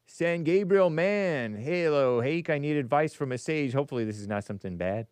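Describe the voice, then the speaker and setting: A man's voice: mid-range voice, fast, a little mellow, smooth, dry recording. A man hosting a casual call-in show, reading viewer messages aloud and joking with chuckles. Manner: joking, chuckles while talking. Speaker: talk show host.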